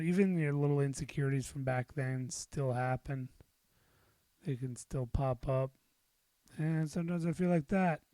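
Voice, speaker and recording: Dry and close-miked with hardly any room around it, this podcast host's dark, medium-pitched voice drifts along unhurried. The middle-aged man rambles in self-deprecating fashion, leaning on fillers like "uh" and swearing now and then.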